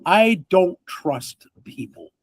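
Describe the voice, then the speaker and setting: A man's voice: high-pitched, big pitch swings, slow, no room sound, heavily acted. A man voicing a huffy, preachy male guest who lectures and scolds the players in a tabletop game. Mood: scolding. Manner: scolding, condescending.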